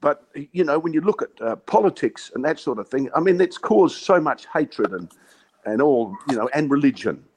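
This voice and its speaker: A man's voice: a little high, lively intonation, normal speed, a little mellow, husky, low-quality recording. An Australian man in his sixties from Western Australia, a former cricket captain swapping stories as a guest. He tells yarns with plenty of laughs and calls everyone mate. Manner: yarning storyteller, laughs often, says "mate". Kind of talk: casual chat.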